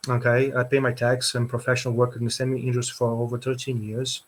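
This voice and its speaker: A man recounting a painful family court story as an interview guest, speaking earnestly, often pausing on "okay". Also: medium pitch, little pitch movement.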